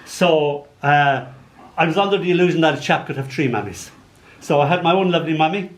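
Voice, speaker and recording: Faint background noise and a roomy acoustic surround this live poetry reading in an arts venue hall. The poet, an Irish man in his sixties with a higher voice, talks a little fast, offering playful stories and animated comic asides between poems to the audience.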